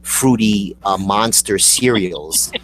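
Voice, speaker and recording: Slow-talking man, low voice. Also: a bit bright, slight background noise. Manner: joking, drawn-out spelled words. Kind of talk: casual pronunciation chat.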